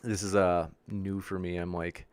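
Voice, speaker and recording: A man's voice: low-pitched, little pitch movement, a little slow, smooth, no echo. Friendly guy host thanking chat folks by name, dry close sound, trips on names. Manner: stumbles over viewer names. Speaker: debate show host reading live chat. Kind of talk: casual livestream chat.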